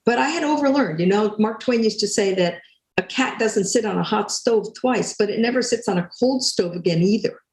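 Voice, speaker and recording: An older woman speaking as a guest, telling a story in a lively way and acting out quoted lines. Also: medium pitch, moderate pace, reverberant, poor audio. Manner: animated, acts out quotes. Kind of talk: storytelling talk.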